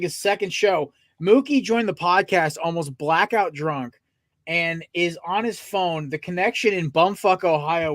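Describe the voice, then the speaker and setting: Excitable bright-voiced man hosting. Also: high-pitched, dry recording. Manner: excitable, profane storyteller with frequent asides. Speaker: podcast host. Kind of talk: casual sports podcast chat.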